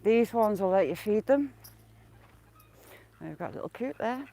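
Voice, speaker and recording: A woman's voice: mid-range voice, animated, moderate pace, gravelly, dark tone. A woman chatting casually outdoors by a lake, talking to herself and calling out fondly to the ducks as she walks. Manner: chatty, coos and calls out to the ducks. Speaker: vlogger. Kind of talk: casual walk-and-talk commentary.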